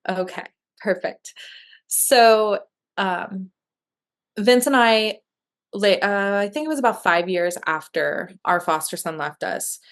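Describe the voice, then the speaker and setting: A woman guest with a mid-range voice takes her time recounting her adoption story during a conversational interview. Candid and emotional, she uses plenty of fillers and restarts.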